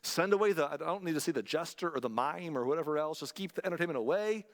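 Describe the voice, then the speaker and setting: A mopey, self-reproaching king who cannot eat or sleep, as a preacher puts him on. He grumbles in a fairly high voice, and a long hall reverb trails each line. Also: lively intonation, quick pace. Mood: miserable. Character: miserable sleepless ancient male king.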